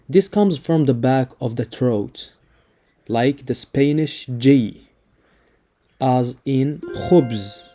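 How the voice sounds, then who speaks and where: A man narrates a scripted alphabet lesson at a very unhurried pace, dwelling on each sound. His voice is dark and mellow, with faint music underneath. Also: medium pitch, lively intonation. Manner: slow, deliberate spelling-out of each letter with example words. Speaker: language teacher.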